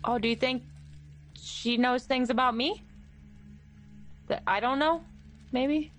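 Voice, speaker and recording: A woman's voice: sits high, slow, a little hiss or hum. A woman playing a tabletop game, talking in character in a hesitant, rambling way. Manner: hesitant, rambling, with many fillers and restarts. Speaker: player.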